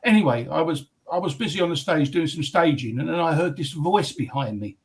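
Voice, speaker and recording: A man's voice: fairly high pitch, expressive, fairly quick, husky, rough recording. An English man, a guest on a casual chat stream, telling stories with lots of ums and restarts. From England. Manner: rambling, hesitant storyteller with many ums.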